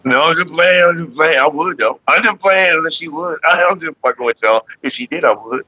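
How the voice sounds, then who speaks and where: A man's voice: a little high, brisk, pushed and bright, no echo, dull audio. A young man rambling casually to camera, joking and laughing often. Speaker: vlogger.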